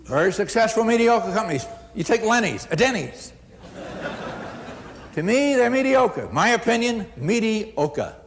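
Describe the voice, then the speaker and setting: Slightly slow and high-pitched, an older man's voice comes through with a little hiss or hum. At a customer service seminar, he tells stories animatedly, acting out the dialogue and laughing often.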